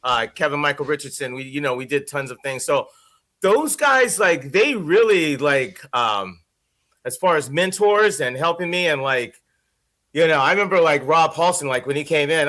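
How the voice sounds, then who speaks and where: High-voiced man, rambling and expressive. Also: normal speed. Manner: expressive, rambling with many restarts. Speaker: voice actor guest. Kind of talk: casual interview chat.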